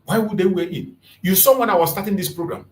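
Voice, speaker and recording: A man's voice: sits high, quick pace. A man giving impassioned live commentary, hammering his points home by repeating phrases. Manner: emphatic, repeats phrases for force. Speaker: online commentator.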